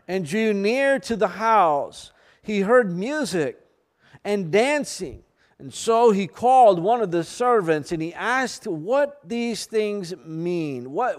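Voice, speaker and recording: Slow-speaking high-voiced male preacher. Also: clean tone. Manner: slow, earnest, reads scripture aloud with asides. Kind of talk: sermon.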